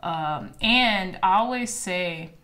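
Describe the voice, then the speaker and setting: A woman's voice: mid-range voice, slow pace, pushed and bright. A woman giving a casual, encouraging tarot reading to her viewers, reading card affirmations aloud with chatty asides. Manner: chatty with fillers and asides like "child" and "okay". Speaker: tarot reader.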